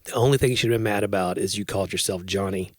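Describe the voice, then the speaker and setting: A man's voice: on the low side, quick pace, darkish tone, no echo, clean studio sound. Earnest man in easy podcast chat. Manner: earnest, reflective, laughs easily. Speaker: podcast co-host. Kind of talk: casual chat.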